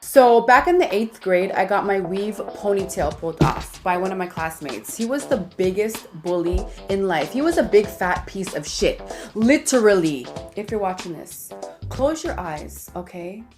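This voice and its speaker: A woman telling a personal story in a casual, comedic, animated way, talking straight to viewers. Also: medium pitch, moderate pace, faint music behind.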